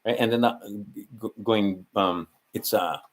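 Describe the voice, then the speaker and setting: A man's voice: fairly low pitch, unhurried. A man with a Hawaiian Pidgin accent talking in a casual, rambling monologue, full of restarts and slang.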